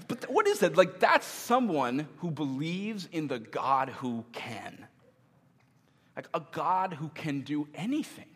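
A man's voice: on the high side, moderate pace. A pastor in his thirties preaches in an easy, conversational style and pokes fun at himself. His voice rises and falls a lot as he talks. A long reverb trails behind him, as in a large church auditorium. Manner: conversational, animated, self-deprecating humor. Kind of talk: sermon.

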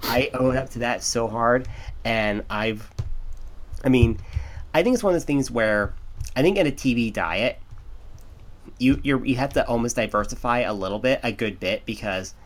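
Man from the us, mid-pitched voice, casual podcast chat, rambling, lots of restarts. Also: normal speed, long pauses. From United States. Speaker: podcast co-host.

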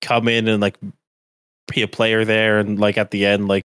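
A man's voice: lowish voice, flat delivery, normal speed, a bit bright, smooth, no room sound, clean studio sound. A man co-hosting a podcast, chatting casually and rambling with many "like" fillers. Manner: rambling, heavy use of "like" fillers. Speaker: podcast co-host. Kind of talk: casual chat.

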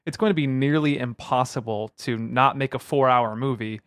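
A man in a casual film-review chat, talking in an animated, opinionated way with playful asides. His voice sits at an ordinary pitch for a man and is recorded close and dry. No room sound comes through. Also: normal speed, no room sound. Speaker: podcast co-host.

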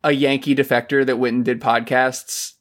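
A man's voice: mid-range voice, little pitch movement, moderate pace, a bit bright. A man co-hosting a casual podcast, riffing jokily about an anime episode and slipping into silly voices. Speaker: podcast co-host.

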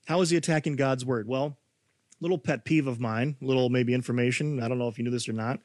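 Delivering his sermon briskly in a medium-pitched voice, a male pastor stays lively and conversational, peppering it with rhetorical questions. There's no room sound at all.

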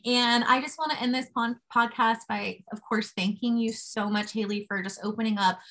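A woman's voice: mid-range voice, steady tone, normal speed, fairly bright tone. A young woman co-hosting a podcast, speaking in an effusive, encouraging way. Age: young adult. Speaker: podcast co-host. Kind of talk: warm interview wrap-up.

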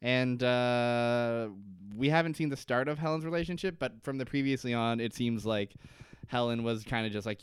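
A man's voice: mid-range voice, fairly even intonation, moderate pace, smooth, no echo, studio quality. A man co-hosting a podcast, recapping a TV episode in a jokey, rambling way with fillers and restarts. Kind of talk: casual chat recap.

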